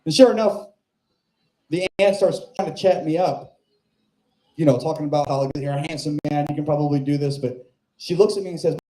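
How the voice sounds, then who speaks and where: Comedy guy rambling his set, kinda high mellow voice, roomy club echo. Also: a little fast. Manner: rambling, self-mocking storytelling. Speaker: stand-up comic. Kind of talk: stand-up set and chat. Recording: echoey club room.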